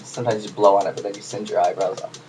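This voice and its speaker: A man's voice: fairly low pitch, fairly even intonation, very fast. Guy rambling thru a home cooking vid, kitchen noise in the background. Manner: chatty, jokey, talks to the camera while working. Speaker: home cooking video host. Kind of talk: casual cooking demonstration. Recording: noisy home recording.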